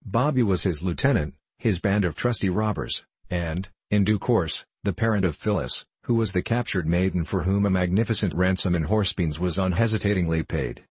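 A man narrating a classic children's story in a measured storytelling manner. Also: low voice, slightly rough, no echo. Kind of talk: audiobook narration.

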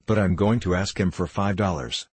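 A man's voice: low voice, normal speed, husky, dry recording. A man reading the part of an eager, bookish twelve-year-old boy in a storybook. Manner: eager, impatient.

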